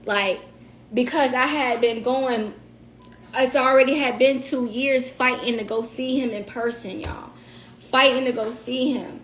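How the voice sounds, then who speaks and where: A woman's voice: high voice, fairly even intonation, unhurried, a bit bright. A woman with a Southern US accent, talking to viewers on a livestream, emotional and blunt with curse words. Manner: emotional, swears, talks straight to the audience. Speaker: livestream host. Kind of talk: casual storytime chat to viewers.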